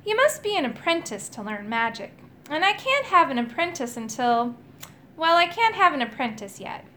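A gentle, earnest old magician man, kindly and hopeful, as a woman reading a storybook puts him on. He talks in a lively, bright voice that rises and falls a lot. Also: sits high, normal speed, a little hiss or hum, full character voice. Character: kindly elderly male novice magician, gentle.

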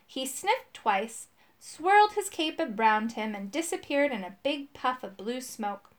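Lady reading a kids storybook aloud, steady, voice kinda high. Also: a little slow. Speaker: narrator.

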